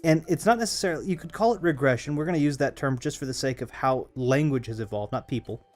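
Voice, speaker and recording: A hoarse man streaming a game, chatting casually with viewers in a rambling, self-correcting way. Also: mid-range voice, quick pace, faint music behind. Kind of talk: casual live-stream chat over gameplay.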